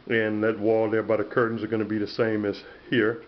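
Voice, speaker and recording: Low-voiced man proudly touring his plaster work. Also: monotone, fairly quick. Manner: chatty, proud, promotional. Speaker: plaster artist. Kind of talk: casual walkthrough video. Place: indoors in a house, walking between rooms. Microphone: handheld camera mic, filming himself. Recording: dull lo-fi camera audio with faint noise.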